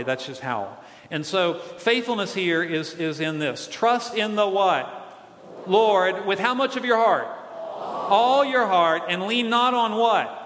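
A man preaching a sermon as a pastor, animated, asking the congregation to call back answers. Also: high voice, slight background noise. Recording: echoey hall.

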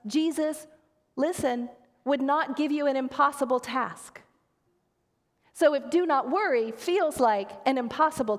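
Woman pastor, conversational sermon with playful asides, somewhat high-pitched, sanctuary echo. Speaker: associate pastor. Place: church sanctuary. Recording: long church reverb.

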